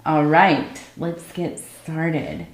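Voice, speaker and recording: Slow, soft-spoken woman reading tea leaves. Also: deep voice, sing-song, roomy sound. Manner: soft, meandering, many fillers. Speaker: tea leaf reader. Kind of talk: ASMR tea leaf reading.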